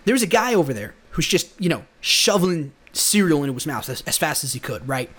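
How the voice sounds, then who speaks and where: Earnest, rambling young man, slightly high voice. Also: big pitch swings, fairly quick, a bit bright, slightly rough. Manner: earnest, rambling with many restarts. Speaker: podcast host. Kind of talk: casual motivational monologue.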